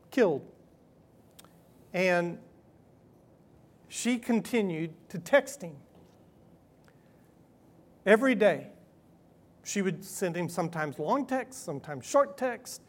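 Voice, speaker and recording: Folksy pastor telling a story. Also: male voice, high-pitched. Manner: folksy, conversational, with chuckles and animated quoted voices. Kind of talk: sermon storytelling.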